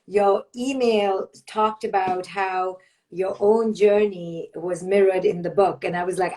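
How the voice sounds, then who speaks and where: A woman psychologist hosting a live-stream interview, asking gentle, encouraging questions over a phone or computer mic. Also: lowish voice, fairly even intonation, measured pace, low-quality recording. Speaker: host, clinical psychologist.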